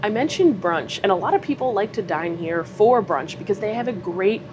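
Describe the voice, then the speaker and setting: The food vlogger here is a woman with an expressive mid-range voice and a moderate pace, breezily reviewing dishes in a chatty, upbeat way. The background is noisy with the chatter of a cruise ship crowd.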